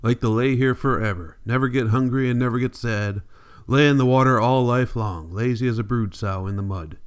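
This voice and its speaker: A man reading the part of a lazy, dreamy young farm man with a slow, lazy drawl. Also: medium pitch, clear, resonant tone, lightly acted.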